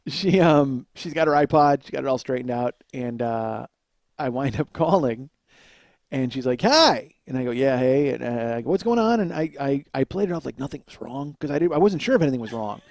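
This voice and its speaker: Mellow rambling man telling comic stories. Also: medium pitch, fairly quick, gravelly, no echo. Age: 40s. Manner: rambling, self-deprecating, full of fillers. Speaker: comedy podcast host. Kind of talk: casual comedic storytelling monologue.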